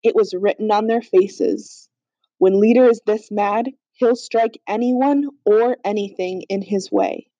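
A woman reading a storybook aloud in a steady, earnest way, on a slightly dull, lo-fi recording. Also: medium pitch, measured pace, dry recording. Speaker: audiobook reader. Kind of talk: storybook narration.

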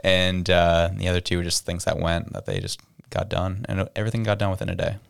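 A man's voice: low-pitched, animated, a little fast, creaky, clean tone, no room sound, studio quality. A man co-hosting a podcast, chatting casually and acting out the people in his stories. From Canada. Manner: storytelling, acts out quoted people. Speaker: podcast co-host. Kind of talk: casual chat.

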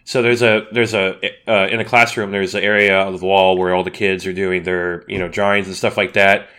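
Guy cohosting a podcast, campy, teasing, kinda low voice, tells stories. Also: flat delivery, brisk, pushed and bright. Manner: playful, campy storyteller. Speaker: podcast co-host. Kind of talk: casual chat.

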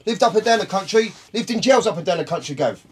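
A man's voice: high-pitched, expressive, fast, a little hiss or hum. A man, telling a long, profane story in casual talk, rambling and calling his listeners by name. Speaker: podcast guest.

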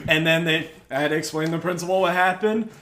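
A man's voice: fairly high pitch, quick pace, over music. Laid-back swearing storyteller guy. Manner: laid-back, profane, laughs through his story. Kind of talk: casual storytelling chat. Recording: echoey room.

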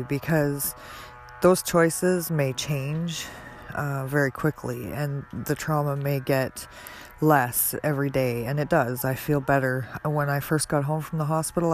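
A woman hosting a podcast, speaking in an earnest, halting personal monologue with many pauses and fillers. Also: low-pitched. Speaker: podcast host.

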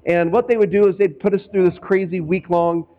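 A man's voice: sits high, fairly even intonation, brisk, narrow, tinny audio. A man preaching as a pastor in a conversational way, from Northwest Indiana, slipping into quoted voices now and then. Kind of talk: sermon.

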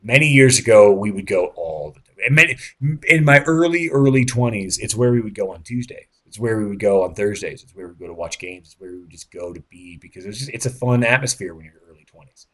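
A man in his late thirties, a podcast host, telling a rambling, excitable story with lots of fillers, restarts and swearing. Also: fairly low pitch, fast. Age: late 30s. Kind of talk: casual storytelling monologue.

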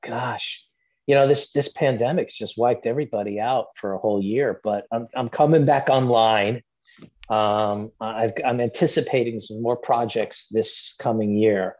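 A man's voice: mid-range voice, fairly even intonation, moderate pace, a little mellow. A man guesting on a podcast as an actor, chatting casually and rambling with plenty of fillers and restarts. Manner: easygoing, rambling with many fillers.

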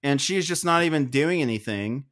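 A young man co-hosting a casual podcast, ranting in a profane, animated way. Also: on the high side, moderate pace. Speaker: podcast co-host.

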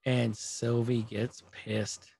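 A man chatting casually, recounting scenes and slipping into quick character voices as he tells them. His voice sits in an ordinary middle pitch, relaxed and unforced. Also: gravelly, husky, no echo. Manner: animated storytelling, acting out scenes in quoted voices. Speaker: co-host reacting to a series. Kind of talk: casual chat.

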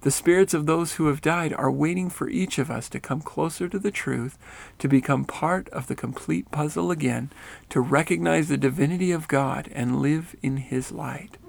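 A man reading a first-person spiritual story aloud in a steady, earnest way. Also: fairly high pitch, moderate pace, creaky, no echo.

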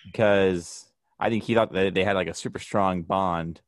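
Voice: low-pitched, steady tone, normal speed. A podcast co-host in casual chat about a TV show, laid-back and teasing.

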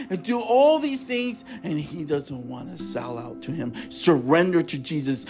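Fervent man preaching on his podcast. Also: sits high. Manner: fervent, repetitive, emphatic, sometimes tearful. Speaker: podcast host. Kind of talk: impassioned preaching monologue.

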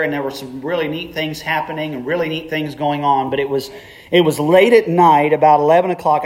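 A middle-aged man preaches a sermon, telling stories from the pulpit in a relaxed, conversational way. His voice sits a little on the high side. He builds to emphatic peaks when making a point. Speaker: pastor.

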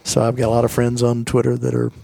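A gravelly man in his fifties talks as a podcast guest, earnest and a little rambling, circling back over his own words. His voice is rough and breathy, and it sits close and dry with no room sound. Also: medium pitch, monotone, fast talker, mellow, dry recording. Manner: earnest, rambling, repeats himself. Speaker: podcast guest, golf professional. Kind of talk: casual interview storytelling.

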